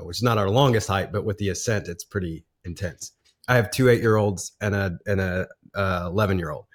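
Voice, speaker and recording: A man in his forties with a lowish voice tells a personal story on a podcast. He rambles earnestly and often restarts his sentences. He laughs now and then as he talks. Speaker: podcast guest. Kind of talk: casual storytelling conversation.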